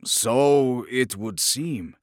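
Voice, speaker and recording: A man's voice: mid-range voice, extremely slow, no room sound, studio quality, pitched above the performer's own voice. A man voicing an arrogant, defiant imprisoned warrior who talks in grand, mocking declamations. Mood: sardonic mocking. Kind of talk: audiobook character voice.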